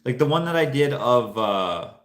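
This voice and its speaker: A man's voice: mid-range voice, lively intonation, normal speed, fairly bright tone. A man hosting a casual vlog, musing and thinking aloud in a loose, rambling way with many restarts. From Canada. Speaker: painter and channel host. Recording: echoey room.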